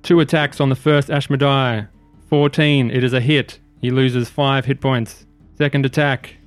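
A man's voice: mid-range voice, a little slow, no echo, faint music behind. Man narrating as game master. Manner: steady, matter-of-fact rules narration.

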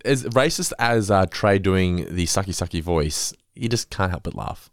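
A man's voice: deep voice, expressive, moderate pace, no echo, clean studio sound. A man hosting a podcast, chatting casually and rambling, often repeating words. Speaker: podcast host.

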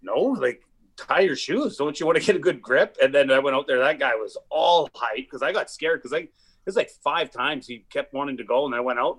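A man in casual podcast chat, telling long rambling stories with lots of swearing and fillers. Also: fairly high pitch. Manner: rambling, profane, animated storytelling.

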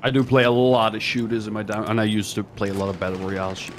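Offhand man, lowish voice. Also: little pitch movement, quick pace, slight background noise. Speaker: podcast guest. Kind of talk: casual chat.

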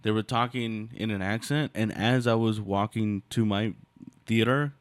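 A man's voice: lowish voice, fairly even intonation, measured pace, no echo. A man co-hosting a casual podcast, telling laid-back, profane stories. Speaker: podcast co-host, comedian.

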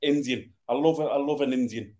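Blunt ex-footballer, laddish chat. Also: male voice, fairly quick, warm tone. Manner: blunt, low-key, laddish. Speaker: former footballer, guest. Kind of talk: casual chat.

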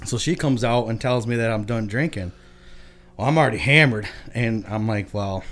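A man's voice: medium pitch, expressive, measured pace. A young adult man from Michigan casually telling a long, profane story, often laughing as he talks. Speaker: podcast guest.

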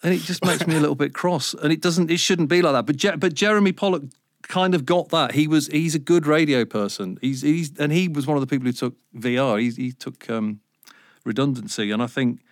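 A man in his fifties, a radio presenter, talking casually in an interview, lively and quick to swear and mimic others. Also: on the high side, dry recording, studio quality. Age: 50s. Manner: animated, swears, mimics voices in anecdotes.

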